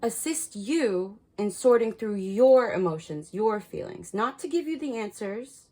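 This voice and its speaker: A woman's voice: mid-range voice, expressive, a little slow, mellow, poor audio. A woman reading cards and giving frank spiritual advice to her viewers, swearing freely and repeating words for emphasis. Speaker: tarot card reader. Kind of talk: casual spiritual guidance to camera.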